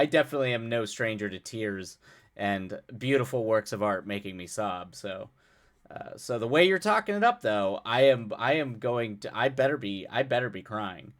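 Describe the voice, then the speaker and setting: A young man hosting a live stream, chatting casually with his viewers, rambling and self-mocking with frequent laughs and restarts. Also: mid-range voice. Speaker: livestream host. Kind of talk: casual chat with chat readers.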